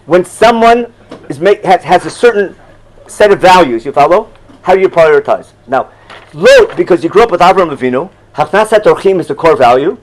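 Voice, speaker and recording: A man's voice: sits high, expressive, a little fast, low-quality recording. An older man teaching a Torah class in a loose, conversational way, often asking "you follow?" and chuckling at his own asides.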